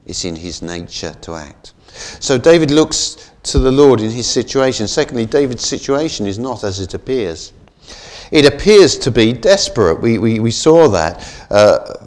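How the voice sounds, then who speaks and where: A male preacher delivering a sermon in an easy, conversational style. He keeps tagging his points with "isn't it?" and drops into slower, softer phrasing when he lands a key idea. His voice sits at a middle pitch for a man.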